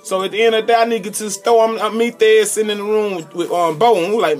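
A man, hosting a casual live radio show and shouting out his hype intros. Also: high-pitched, fast, few pauses, faint music behind. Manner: hyped, shouting call-outs and shout-outs. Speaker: radio host.

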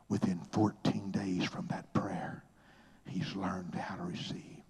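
An older man preaching a sermon with a husky, breathy voice. He takes his time, drops into hushed whispers, then bursts into loud, high exclamations.

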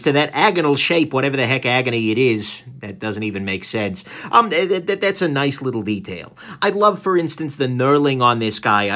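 An enthusiastic man reviewing a product in a loose, casual way. His pitch swoops and jumps around animatedly as he rambles, restarts his sentences and throws in wry, self-deprecating asides. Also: a bit bright.

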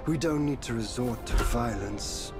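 A man's voice: mid-range voice, unhurried, natural voice. An actor playing a proud celestial male general in a video game, speaking in a formal, composed and lofty manner. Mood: lofty calm. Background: game music.

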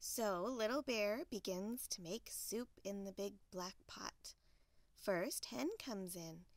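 A woman narrating a bedtime story in a soft, measured way. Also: medium pitch, dry recording.

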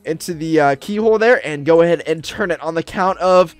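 A man's voice: a little high, a little fast, clean tone, no room sound, faint music behind. A man narrating a roleplay game for viewers, upbeat and chatty, with many fillers. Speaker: Roblox roleplay YouTuber. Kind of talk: excited gameplay narration.

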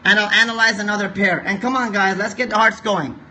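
A man with a high, bright voice walks viewers through currency charts on a live stream. He repeats his points and keeps coaxing the audience to share the feed. His tone is crisp and forward, with a raised pitch. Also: steady tone, a little fast, slight background noise. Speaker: forex trading streamer. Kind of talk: live-stream market analysis.

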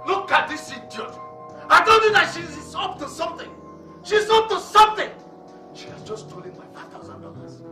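An actor with a Nigerian accent playing a stern, suspicious father in a film, gravelly and slow. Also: very high-pitched, sing-song, pushed and bright, full character voice. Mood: furious. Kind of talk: Nollywood film acting. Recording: film audio with music underneath.

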